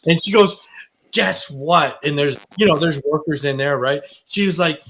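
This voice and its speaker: A middle-aged man co-hosting a casual talk show, telling a story in an animated way and exclaiming in disbelief. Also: fairly high pitch, normal speed. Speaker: co-host. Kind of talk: casual radio chat.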